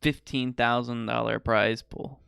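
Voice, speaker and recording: A teenage boy hosting a podcast, chatting casually and rambling with quick laughs. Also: medium pitch, flat delivery, creaky, fairly bright tone, clear, resonant tone, no room sound, studio quality. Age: teens. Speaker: podcast host. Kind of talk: casual chat.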